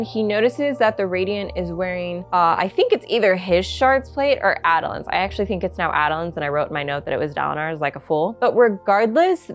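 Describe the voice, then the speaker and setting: A woman giving a casual book reaction, chatty and excitable, with lots of fillers. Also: mid-range voice. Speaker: book reviewer.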